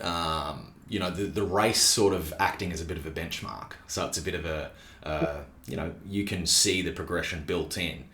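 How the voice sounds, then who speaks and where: A man's voice: low-pitched, a bit bright. A man hosting a podcast interview, asking easygoing, rambling questions. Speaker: podcast host. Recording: roomy echo.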